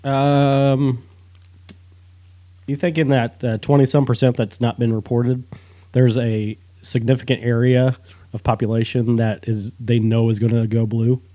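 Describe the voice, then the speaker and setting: A man with a dark, mellow voice trades dry, sarcastic quips in casual political chat. Between the jokes he explains things in a plain, conversational way. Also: mid-range voice, little pitch movement, a little slow.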